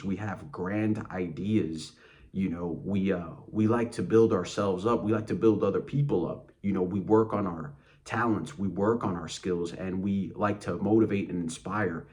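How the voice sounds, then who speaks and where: A man with a fairly low voice gives a blunt, angry motivational rant. He sounds contemptuous and swears freely. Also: moderate pace, a little mellow. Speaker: motivational channel host.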